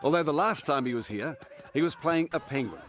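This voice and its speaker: An Australian man narrating a TV feature and asking interview questions in a measured way. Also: on the high side, lively intonation, a bit bright. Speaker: TV reporter.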